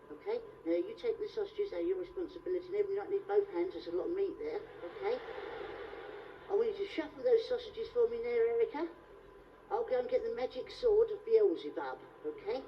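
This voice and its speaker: A man's voice: sing-song, brisk, a little hiss or hum. A man, performing a cheeky, teasing live comedy routine with an audience volunteer on a theatre stage. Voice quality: squeaky high voice. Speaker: stand-up comedian. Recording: distant, muffled live theatre recording.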